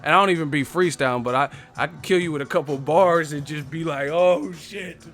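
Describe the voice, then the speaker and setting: A man's voice: on the high side, fast, a bit bright, faint music behind. A man hosting a casual live stream, playfully rapping his own bars and laughing at them.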